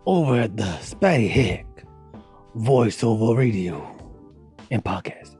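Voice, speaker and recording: A man voicing a brash, loud Mexican-American radio-jock character who talks in profane, hyped-up slang. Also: mid-range voice, very animated, slow pace, soft background music. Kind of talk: voice-message banter.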